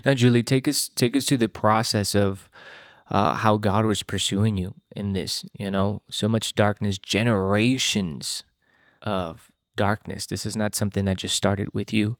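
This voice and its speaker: A man's voice: on the low side, fairly even intonation, unhurried, no room sound, studio quality. A man hosting an interview, asking earnest, probing questions. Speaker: interview host.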